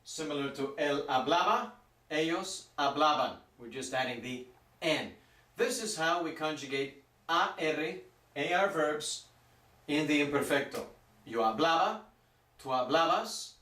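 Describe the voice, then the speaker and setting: A man's voice: a little high, a bit bright, far from the mic. Male teacher in an echoey room. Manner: patient, stretches out example words. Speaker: Spanish teacher. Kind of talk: explanatory lesson.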